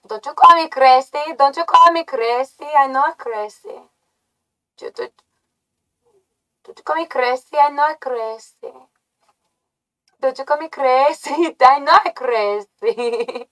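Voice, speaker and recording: A woman live streaming from a dark room, chatting casually, musing and often laughing or humming to herself. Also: high voice. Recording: voice from far off the mic.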